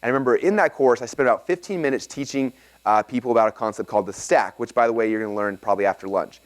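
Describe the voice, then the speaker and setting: Fast-talking, excitable male seminar presenter. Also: mid-range voice. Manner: energetic and excitable, often checks in with "okay?". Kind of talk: live seminar teaching with audience questions. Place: seminar room before a live audience.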